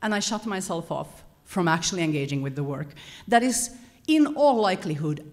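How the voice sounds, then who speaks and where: Woman, conference speaker, low-ish voice, conversational lecture with frequent self-corrections. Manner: animated, self-correcting, chuckles between points. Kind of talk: lecture-style talk to an audience.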